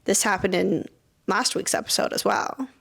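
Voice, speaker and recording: A young woman hosting a casual deep-dive show, reading facts aloud and breaking off into swearing, joking asides and laughter. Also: moderate pace, creaky, a bit bright, slightly rough. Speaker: podcast host.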